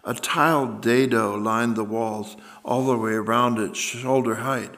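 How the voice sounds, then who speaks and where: A man reading his own literary fiction aloud in a measured, deliberate voice. His pitch sits right in the middle range for a man, and he takes his time over the prose. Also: fairly even intonation, a bit bright. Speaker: author. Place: museum event space.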